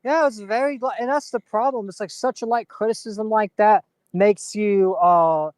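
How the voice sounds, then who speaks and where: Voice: mid-range voice, moderate pace, darkish tone, no echo, studio quality. A co-host on a casual commentary stream, talking bluntly with frequent profanity.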